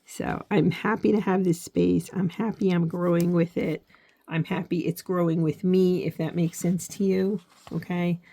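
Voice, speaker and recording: A woman with a notably low voice speaks to her viewers as she works on her journal. She sounds earnest and encouraging, reflective in tone, and keeps checking in with a gentle "okay?". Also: level tone, moderate pace, creaky. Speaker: planner and journaling vlogger. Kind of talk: casual heartfelt talk while crafting.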